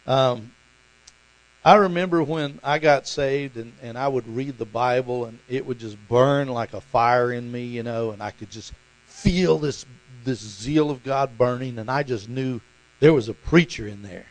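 A man's voice: mid-range voice, a little slow, low-quality recording. A middle-aged man preaching a sermon, telling stories in a folksy way with chuckles and fillers. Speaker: pastor.

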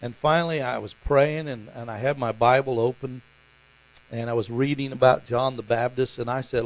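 A man's voice: medium pitch, fairly even intonation, normal speed, rough recording. A middle-aged man preaching a sermon, telling stories in a folksy way with chuckles and fillers. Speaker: pastor.

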